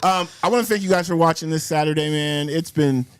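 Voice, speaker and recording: A man co-hosting a podcast in casual chat, upbeat and animated, signing off loudly. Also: on the high side, brisk, smooth, no room sound, clean studio sound. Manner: animated, loud sign-offs. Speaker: podcast co-host.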